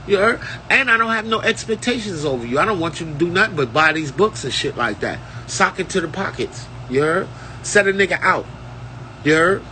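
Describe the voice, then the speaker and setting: Dude talking off the cuff at home, high voice, street slang and cussing, bit of faint noise behind. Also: male voice, poor audio. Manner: streetwise, profane, freewheeling. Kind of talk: rambling casual monologue. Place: at home, indoors.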